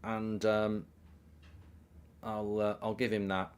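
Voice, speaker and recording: A man's voice: on the low side, little pitch movement, slow, smooth. A middle-aged man hosting a live football watchalong, chatting casually and reading out viewer messages. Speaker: host.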